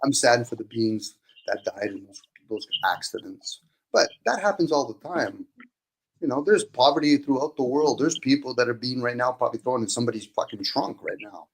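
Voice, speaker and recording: A man's voice: medium pitch, a little fast, husky, low-quality recording. A man hosting a casual chat, talking bluntly and profanely in long rants.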